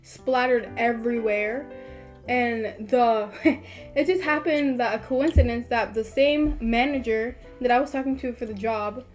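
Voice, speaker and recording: A teenage girl co-hosting a podcast, telling an embarrassing story in animated casual chat, full of "like". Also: fairly high pitch, measured pace, faint music behind. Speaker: podcast co-host.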